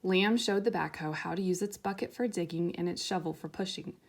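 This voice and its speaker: A woman reading a children's picture book aloud in a gentle, soft, unhurried way. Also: lowish voice. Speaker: storyteller.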